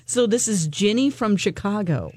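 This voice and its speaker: Giggly woman co-host, lively pitch. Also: normal speed, no echo, clean studio sound. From Springfield, Missouri. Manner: giggly, storytelling. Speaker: radio co-host. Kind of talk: casual radio chat.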